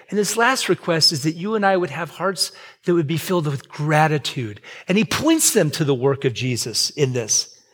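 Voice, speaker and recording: A man in his fifties preaching a sermon as pastor, conversational, with joking asides, swinging between loud and soft. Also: on the high side. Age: 50s.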